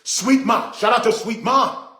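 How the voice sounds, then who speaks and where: A man's voice: very high-pitched, measured pace, pushed and bright. Indignant middle-aged man ranting, echoey room. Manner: indignant, preachy, repeats points for emphasis. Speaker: vlogger. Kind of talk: ranting monologue to camera.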